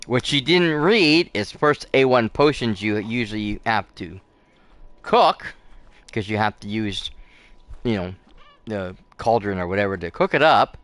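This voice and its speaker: A man's voice: lowish voice, lively intonation, measured pace, a bit bright, dry recording. A man hosting a casual let's play, chatting in a rambling way with lots of fillers and restarts. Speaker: gaming channel host.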